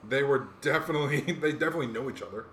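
A man's voice: medium pitch, rapid-fire, a bit bright. Man, casual rap talk, rambling, lots of fillers, echoey room, faint background hum. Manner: rambling, many "like" fillers and restarts. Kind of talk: casual chat about rap music.

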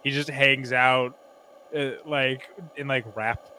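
A man's voice: medium pitch, flat delivery, slow, sharp tone, a little hiss or hum. A man chatting casually and comically, rambling with lots of "like" and breaking into silly impressions. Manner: rambling, full of "like", bursts into goofy impressions. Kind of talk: casual comedic chat.

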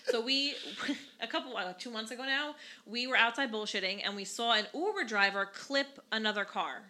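Woman in her thirties, podcast co-host, bright tone, animated and profane storytelling. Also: fairly high pitch, moderate pace. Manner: animated storytelling, swears freely. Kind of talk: casual chat.

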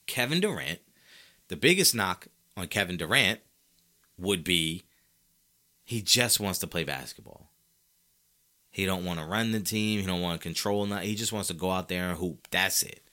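This is a man hosting a solo sports talk show, his voice bright with a forward edge. His pitch swings widely as he makes his case. He leans on rhetorical questions and casual slang, talking straight to his listeners. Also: moderate pace, long pauses. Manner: animated, argumentative, asks rhetorical questions.

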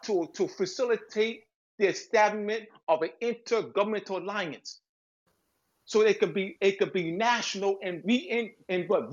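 Emphatic high-voiced man lecturing. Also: slightly rough, highs cut off. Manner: emphatic and repetitive, restarts phrases. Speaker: guest author. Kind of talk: lecturing interview talk.

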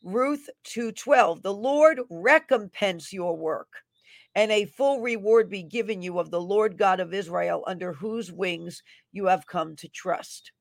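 A woman's voice: medium pitch, a little slow, creaky, no echo. Declamatory woman preacher, dry close sound. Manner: declamatory, voice swelling on divine declarations then dropping for asides; reads scripture aloud with emphatic cadence. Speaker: prophetic minister. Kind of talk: delivering and explaining a prophetic word.

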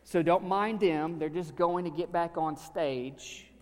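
Preacher in a reverberant hall. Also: male voice, on the high side, takes it slowly. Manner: conversational, swings from loud to hushed. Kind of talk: sermon. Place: church sanctuary with a live audience.

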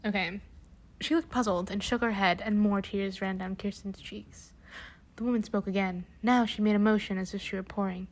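A woman's voice: mid-range voice, fairly even intonation, moderate pace. A young woman casually reading a children's book aloud, throwing in sarcastic asides and slang abbreviations. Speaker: reader.

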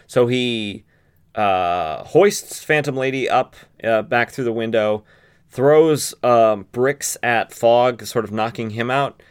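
A man hosting a podcast, recapping a comic book in a relaxed, casual way with frequent fillers and asides. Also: mid-range voice, takes it slowly, clear, resonant tone. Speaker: podcast host.

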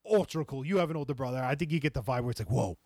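A man in his thirties telling animated, profane stories in a casual podcast chat. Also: mid-range voice, very fast, no room sound, clean studio sound. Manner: animated storytelling with swearing and acted-out quotes. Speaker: podcast host.

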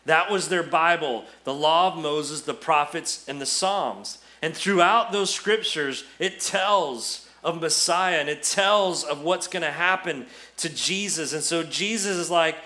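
A man's voice: on the high side, a little slow, hardly any pauses, bright, forceful tone. A man giving an Easter sermon as pastor, conversational and storytelling with touches of humor.

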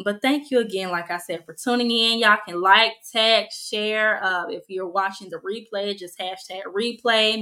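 A woman's voice: medium pitch, sharp tone, poor audio. A young woman hosting a casual faith podcast, talking in an earnest, conversational way that leans toward a sermon. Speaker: podcast host.

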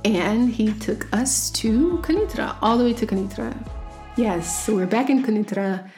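A woman's voice: on the high side, normal speed, a little mellow, soft background music. A woman from the United States telling a personal story in a casual, chatty way, full of "like" and acted-out dialogue. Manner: chatty, peppered with "like", acts out dialogue.

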